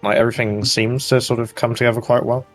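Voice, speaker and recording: A man co-commentating a speedrun live, tossing in quick, offhand remarks full of fillers. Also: mid-range voice, little pitch movement, soft background music.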